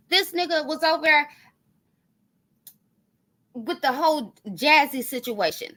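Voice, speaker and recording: A woman's voice: sits high, lively intonation, measured pace, pauses often, sharp tone. A woman, ranting on her stream in a profane, confrontational, sarcastic way. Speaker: online commentary streamer. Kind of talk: heated ranting callout monologue.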